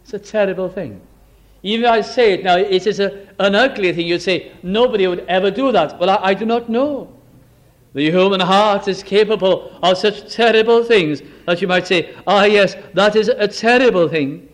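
A man preaching a sermon, earnest, rising dramatically and then dropping to a hush. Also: sits high. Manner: slow, earnest, with dramatic rises and hushed drops.

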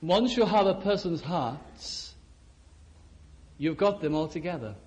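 A male preacher delivering a sermon in a conversational way, peppered with rhetorical questions, often dropping to a hush. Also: a little high, animated, a little slow.

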